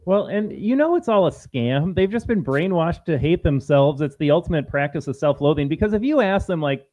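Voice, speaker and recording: A male podcast co-host who talks quickly, bluntly and indignantly. His voice is a little high-pitched and recorded dry and close. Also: expressive, darkish tone, no echo. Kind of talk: heated political podcast talk.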